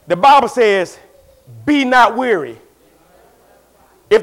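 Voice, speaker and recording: A middle-aged man pastor preaching a sermon, swinging between shouted emphasis and hushed storytelling, driving his points home by repeating phrases. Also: high-pitched, big pitch swings, unhurried, pauses often.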